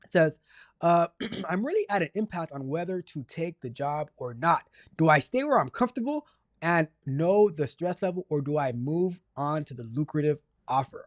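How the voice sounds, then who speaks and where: He speaks a little high at a moderate pace, recorded dry with studio quality. As host of a live tech career advice show, he reads viewer questions and answers in animated, exasperated bursts, repeating himself for emphasis and flipping between mock outrage and sorry-sounding apologies.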